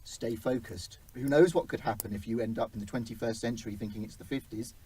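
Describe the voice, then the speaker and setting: A man's voice: fast, slightly rough. A man hosting a comedy quiz show in a dry, wry way. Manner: dry, wry, with lively pitch.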